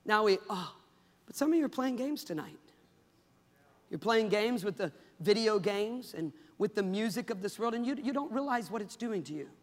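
A man in his thirties preaching a fervent sermon, building to loud climaxes. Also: sits high, long reverb tail.

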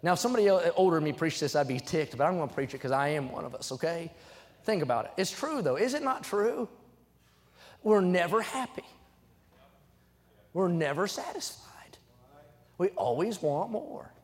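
A young man preaching in a church sanctuary, his fairly high voice carrying a long hall reverb. He drives his points with emphasis and swells into loud, fervent peaks. Between points he reads scripture aloud. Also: expressive, moderate pace, pauses often. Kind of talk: sermon.

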